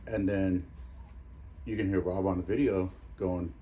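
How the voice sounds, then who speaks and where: Deep, mellow-voiced investigator man. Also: fairly even intonation, a little slow, a little hiss or hum. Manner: storytelling, rambling. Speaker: paranormal investigator. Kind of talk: interview.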